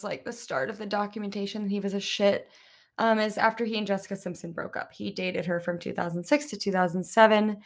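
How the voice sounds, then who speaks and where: A young woman hosting a podcast, ranting in a casual, chatty way, full of "like" and "um", with swearing and laughing asides. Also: mid-range voice. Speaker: podcast host. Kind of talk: casual solo podcast rant.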